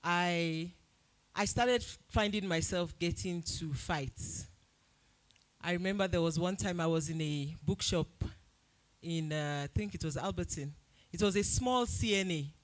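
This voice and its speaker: A Nigerian woman speaking to an event audience as its host, telling a story with lively, loud acted-out quotes. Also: on the low side, unhurried. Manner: animated storytelling, acts out quotes loudly. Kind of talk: speech at a live event.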